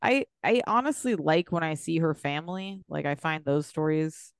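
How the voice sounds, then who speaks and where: A woman's voice: sits low, expressive, normal speed, smooth, no echo, studio quality. A woman co-hosting a podcast in casual talk, laid-back and agreeable, often trailing off mid-thought. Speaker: podcast co-host. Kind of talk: casual chat.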